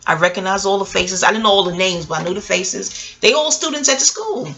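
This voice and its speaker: A woman, telling a personal story in a casual vlog. She talks in an animated, profane, slangy way. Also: fairly quick, soft background music. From Queens, New York. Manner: animated, profane, street slang, jumps up in pitch for quoted voices. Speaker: vlogger.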